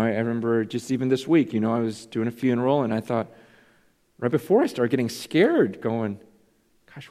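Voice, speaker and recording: A man's voice: mid-range voice, mellow. A man preaching a sermon as pastor, earnest and confessional, questioning himself aloud. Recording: long reverb in a large hall.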